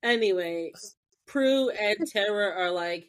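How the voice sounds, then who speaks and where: A woman co-hosting a podcast, recapping a TV episode in an animated, profane way. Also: mid-range voice, slow pace. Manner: animated, profane, acts out characters. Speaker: podcast co-host. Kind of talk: casual chat recapping a TV episode.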